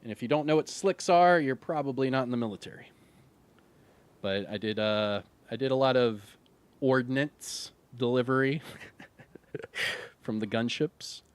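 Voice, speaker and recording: A man's voice: medium pitch, a little slow, long pauses, smooth. A middle-aged man streaming live, chatting casually and reading viewer questions, laid-back and rambling with lots of fillers.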